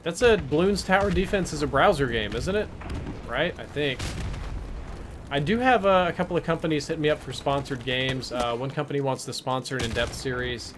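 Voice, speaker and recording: Male streamer, mid-pitched, casual chatty commentary, gunfire noise in the background. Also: normal speed. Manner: chatty, answers chat between plays. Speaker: live-stream gamer. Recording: game gunfire under the voice.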